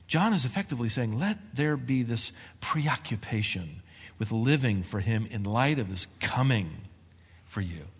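Guy preaching a sermon, bright lively voice, really animated, big echoey church hall. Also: mid-range voice. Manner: animated preaching, rising to excited emphasis. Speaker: pastor.

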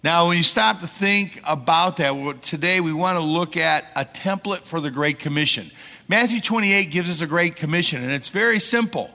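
A man's voice: high-pitched, normal speed. A middle-aged man preaching a sermon in a church, telling stories and acting out the people in them. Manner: animated storyteller acting out quoted people. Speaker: missionary preacher. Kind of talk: sermon with storytelling. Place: church sanctuary. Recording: long reverb in a large hall.

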